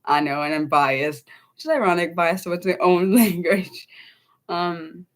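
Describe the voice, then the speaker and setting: A young American woman hosts her own unscripted livestream, chatting loosely with viewers and pausing often with ums and restarts. Her voice sits a little low for a woman. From United States. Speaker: livestream host. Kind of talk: casual unscripted livestream chat.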